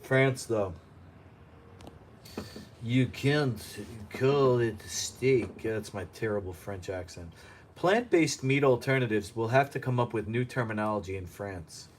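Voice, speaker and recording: A man's voice: lowish voice, lively intonation, moderate pace, a little hiss or hum. Sarcastic man reading news at home. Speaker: host of a home news show. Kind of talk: casual news commentary while cooking. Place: apartment kitchen.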